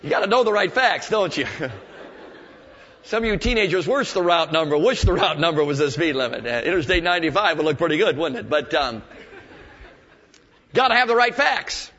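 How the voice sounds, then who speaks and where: A man's voice: a little high, animated, moderate pace, a bit bright. A man preaching a sermon to his congregation in a folksy way, telling stories and asking rhetorical questions. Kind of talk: evening sermon. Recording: dull lo-fi sermon recording.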